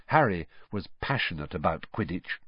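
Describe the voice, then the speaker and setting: Husky male audiobook narrator. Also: low voice, normal speed, no room sound. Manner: expressive storytelling. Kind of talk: scripted narration. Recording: dull lo-fi recording.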